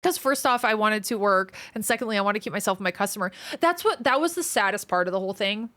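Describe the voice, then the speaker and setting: A woman's voice: mid-range voice, expressive, a bit bright, no room sound. Profane, frank woman streamer. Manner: frank, profane, quick to vent. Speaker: surgical trainee. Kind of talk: casual live-stream chat, reading viewer comments aloud.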